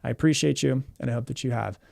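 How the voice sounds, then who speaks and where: A man hosting a podcast as a mindset coach, telling a story in a fast, energetic way, often repeating himself and acting out what people said. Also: mid-range voice, vocal fry, dry recording, clean studio sound.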